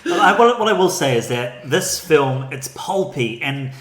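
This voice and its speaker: A man's voice: a little high, expressive, measured pace, a bit bright. A man co-hosting a film podcast, giving thoughtful, amused opinions with some restarts. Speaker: podcast co-host. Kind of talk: casual film discussion. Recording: echoey room.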